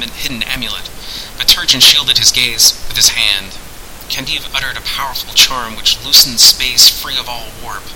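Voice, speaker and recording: A man narrating a fantasy story aloud in a measured, dramatic way. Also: mid-range voice, heavy background noise.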